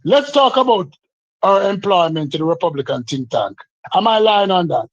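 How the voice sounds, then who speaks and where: Brief: man in a heated online debate, high husky voice, insistent, lo-fi dry sound. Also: lively intonation, normal speed, no room sound. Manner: repeats himself, insistent, interrupts. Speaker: debate guest.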